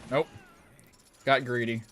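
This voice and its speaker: A young man talks over his gameplay in a loose, rambling way, peppering every thought with curses. His voice sits at an ordinary middle pitch, and he laughs easily between remarks. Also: little pitch movement, slow, a bit bright. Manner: rambling, profane, laughs often. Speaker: streamer. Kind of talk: casual gaming commentary.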